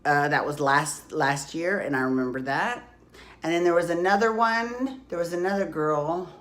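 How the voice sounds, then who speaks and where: A woman's voice: low-pitched, moderate pace, fairly bright tone. Gossipy, profane woman recapping reality TV. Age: 40s. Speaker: podcast host. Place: hot room at home. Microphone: phone.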